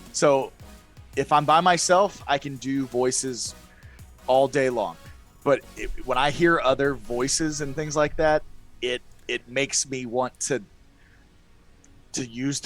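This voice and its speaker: Man, middle pitch, rambling casual talk, self-deprecating, faint music behind. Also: slow, fairly bright tone. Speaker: guest player. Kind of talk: casual podcast chat.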